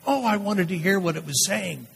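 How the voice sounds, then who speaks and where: Fearful condemned prisoner awaiting crucifixion, acted by a man, high husky voice, swinging pitch, long hall reverb. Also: expressive, a bit bright, heavily acted. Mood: anxious. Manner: intense storytelling with dramatic pauses. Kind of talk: first-person dramatic monologue.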